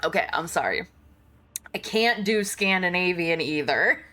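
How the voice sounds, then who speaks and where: A woman streamer with a slightly low voice, chatty and quick to laugh. She swears casually and reads game text aloud between her remarks. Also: lively intonation, bright, forceful tone.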